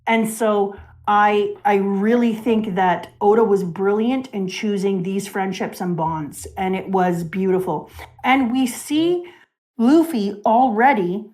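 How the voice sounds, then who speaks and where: A woman's voice: medium pitch, takes it slowly, darkish tone. A woman in casual fan discussion who talks with animation and acts out quoted lines. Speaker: co-host.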